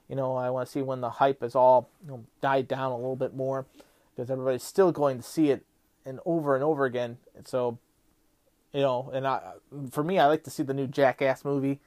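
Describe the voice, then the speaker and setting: A middle-aged man hosting a casual monologue, rambling with many fillers and getting loud and heated as he rants. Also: mid-range voice. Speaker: podcast host.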